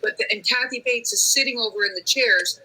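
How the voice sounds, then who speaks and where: A woman actor on a fan panel, telling lively stories and acting out quoted lines. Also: fairly high pitch, brisk, breathy edge, poor audio. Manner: animated storyteller acting out quotes. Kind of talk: casual panel chat.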